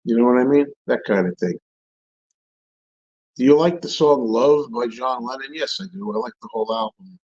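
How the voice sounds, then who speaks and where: A man's voice: mid-range voice, lively intonation, normal speed, a little mellow, highs cut off. A man hosting a live stream, answering viewer questions in casual rambling chat, repeating and restarting his phrases as he rants.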